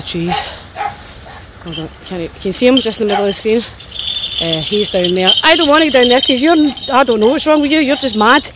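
Amid a noisy background, a Scottish woman with a mid-range voice walks her dogs through the woods, vlogging casually to her phone. She's tired and sore, swearing and chattering as she goes, and voices her dogs' thoughts.

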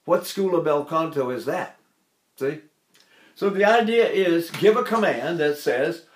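An older man from Texas teaches singing technique in a lively, chatty way, slipping in asides and little chuckles. His speaking voice sits fairly high for a man. The room around him rings with a noticeable echo. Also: measured pace. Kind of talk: vocal technique lesson with spoken demonstrations. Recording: roomy echo.

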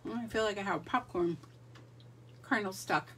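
A woman's voice: medium pitch, unhurried, fairly bright tone, distant mic, a little hiss or hum. A middle-aged woman hosting a live crafting stream, chatting casually and greeting viewers by name. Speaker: livestream crafting host.

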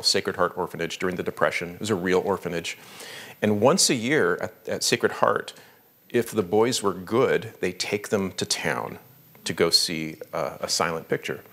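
A man's voice: sits low, fairly bright tone. A man, an author, giving a conversational talk at a library, telling stories animatedly with fillers.

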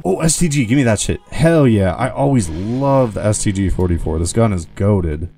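A young man giving casual gameplay commentary as a gaming video host, excitable and swearing, yelling when he panics. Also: fairly low pitch, brisk, hardly any pauses, slight background noise. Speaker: gaming YouTuber.

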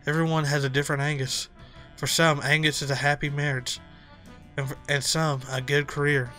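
A let's-play streamer putting on a lower, solemn voice for a mystical stranger on an intercom. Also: little pitch movement, moderate pace, sharp tone, faint music behind, natural voice.

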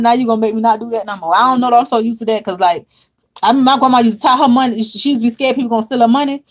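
Animated woman chatting with viewers. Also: a little high. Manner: animated, dramatic, laughs a lot, calls viewers honey and child. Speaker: livestream host reading viewer comments. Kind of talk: casual livestream chat.

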